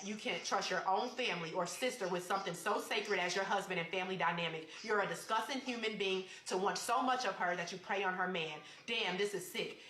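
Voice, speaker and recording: A woman telling a personal story in casual chat, animated and reading out text messages. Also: medium pitch, reverberant.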